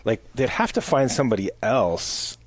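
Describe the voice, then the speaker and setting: A man's voice: medium pitch, lively intonation, moderate pace, slightly rough, no echo. A man hosting a podcast, talking in a loose, rambling way full of "like" fillers. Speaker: podcast host. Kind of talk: casual chat.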